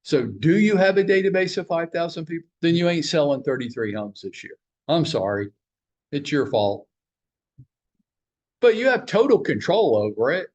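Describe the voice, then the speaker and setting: A man's voice: a little high, very animated, moderate pace, darkish tone, muffled recording. Teasing man leading a sales huddle. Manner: teasing, joking, fires rhetorical questions at the room. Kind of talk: live training talk to a room.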